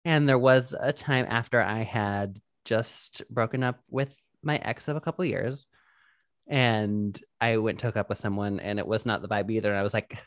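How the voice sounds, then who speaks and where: A man's voice: lowish voice, normal speed, no echo, studio quality. A young man co-hosting a casual podcast chat, telling a long story with lots of fillers and frequent laughter. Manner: animated, giggly storytelling with many fillers.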